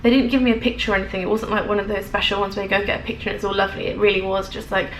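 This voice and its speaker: A woman's voice: mid-range voice, steady tone, very fast, few pauses, a bit bright. A young English woman telling a personal story to camera in a hesitant, emotional way, with many fillers and restarts. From England. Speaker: vlogger. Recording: echoey room, faint noise.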